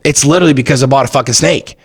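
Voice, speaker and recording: A man in his forties talks quickly, piling one story onto the next in a casual podcast chat. His pitch sits in an ordinary middle range. The sound is close and dry, and his delivery is profane, blunt and emphatic. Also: husky, no echo. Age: 40s. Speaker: podcast guest.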